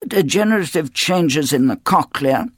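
A man's voice: on the high side, expressive, a little slow, breathy edge, no room sound, clean studio sound, pitched above the performer's own voice. A man voicing a harried family doctor who mutters clinical terms.

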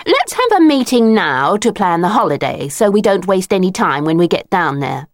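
A woman's voice: on the low side, sing-song, moderate pace, dry recording, studio quality. A woman voicing a bossy boy who leads a gang of children in a storybook reading. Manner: commanding, flustered when caught out. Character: bossy boy gang leader, tall for his age.

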